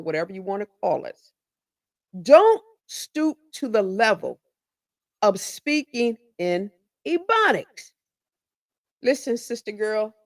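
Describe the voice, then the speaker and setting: A middle-aged woman hosts her own podcast in a sassy, emphatic monologue. Her voice sits at an ordinary middle pitch. The sound is dry and close, with no room echo. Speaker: podcast host. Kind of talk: casual commentary monologue.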